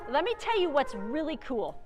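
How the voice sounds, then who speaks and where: A woman conducting a band rehearsal, energetic, singing rhythms aloud and counting off the players. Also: sits high, normal speed, soft background music. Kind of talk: rehearsal coaching. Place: large theatre with a band. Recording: live hall reverb with band playing.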